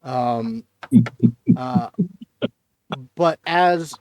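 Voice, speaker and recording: A man running a tabletop game as game master, describing scenes in an unhurried way. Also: medium pitch, no room sound.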